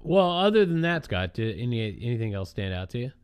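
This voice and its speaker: A man's voice: mid-range voice, a little fast, clean tone, dry recording. A man co-hosting a podcast in casual chat, telling stories with emphatic energy. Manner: animated, emphatic storytelling. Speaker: podcast co-host.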